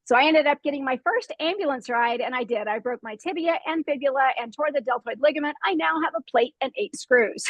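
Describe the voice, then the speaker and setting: A high-pitched woman hosts a group conversation and tells a story with animated energy, often laughing and acting out the noises. Her voice sounds dry and close, with no room echo. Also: brisk, hardly any pauses, highs cut off. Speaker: host.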